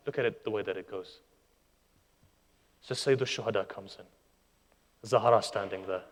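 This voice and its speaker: A man preaching a sermon, retelling stories with passion, his voice surging loud and then dropping soft. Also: mid-range voice. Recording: long hall reverb.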